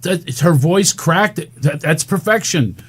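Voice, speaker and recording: A man from the Philadelphia area, a comedian guest on a talk radio show, riffing with quick jokes and animated stories. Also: a little high, husky. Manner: rapid jokey riffing, animated storytelling. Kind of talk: casual talk radio chat.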